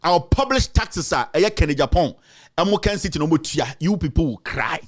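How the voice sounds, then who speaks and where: Animated and fairly quick, a male commentator with a Ghanaian accent and a voice on the high side rails heatedly about politics. He drives his accusations home by repeating them emphatically, switching into another language at times.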